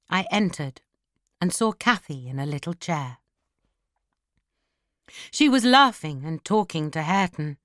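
A woman narrating a classic novel as an audiobook, in slow, expressive storytelling. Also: fairly low pitch, no echo, studio quality.

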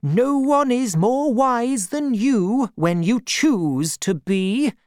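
A woman voicing a stern, commanding older aunt who speaks firmly and shouts orders at her servant, in a storybook reading. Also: on the high side, lively intonation, slow pace, no echo, studio quality, voice pushed up. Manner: firm, loud, bossy.

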